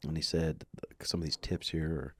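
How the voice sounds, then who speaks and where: A man's voice: a bass voice, fairly even intonation, moderate pace, slightly rough, no echo, studio quality. A man telling a story in a casual podcast chat, swearing freely and acting out quoted voices. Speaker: podcast co-host.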